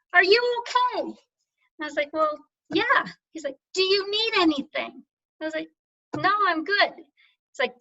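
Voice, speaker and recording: An older woman giving a reflective camp vespers talk, telling a story gently and conversationally with many fillers. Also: high voice. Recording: dull lo-fi recording.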